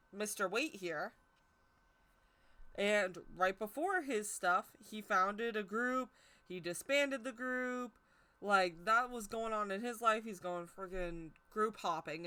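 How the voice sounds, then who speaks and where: A woman's voice: mid-range voice, slow pace, pushed and bright, clear, resonant tone. A woman giving a casual, chatty history talk on tarot, stumbling over hard names and poking fun at herself. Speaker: tarot teacher.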